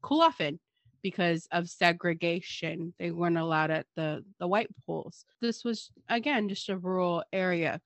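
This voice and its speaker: Lower-voiced woman co-host, dry delivery. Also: normal speed, no room sound. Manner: dry, sarcastic asides. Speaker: podcast co-host. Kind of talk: casual history discussion.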